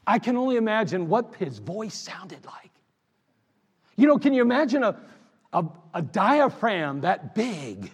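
A man's voice: high-pitched, very animated, measured pace, breathy edge. A man preaching a sermon as pastor, telling the story with animation and acting out the quoted lines. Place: church sanctuary. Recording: echoey church hall with long reverb.

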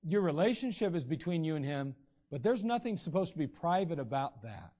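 High-voiced preacher on a dull recording. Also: male voice, big pitch swings, fairly quick, mellow. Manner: conversational preaching, acts out quoted voices. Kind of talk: sermon.

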